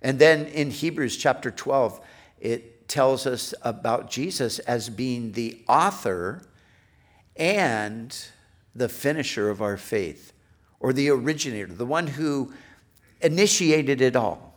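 A man preaching a sermon as pastor, swinging between emphatic lines and hushed asides. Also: medium pitch, lively intonation. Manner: slow, dynamic preaching, swinging from loud to hushed.

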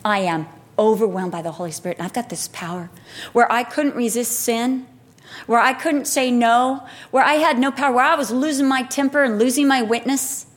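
Lively woman preaching with stories. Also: on the high side, normal speed. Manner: lively storytelling, acts out quotes, laughs at herself. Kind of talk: sermon with personal stories.

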